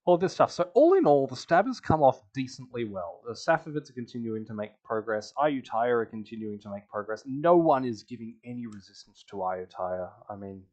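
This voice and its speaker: Very animated and brisk with few pauses, a man with a darkish, mid-range voice recaps an online strategy game, the recording's highs cut off. The chatty host laughs often and acts out the other players.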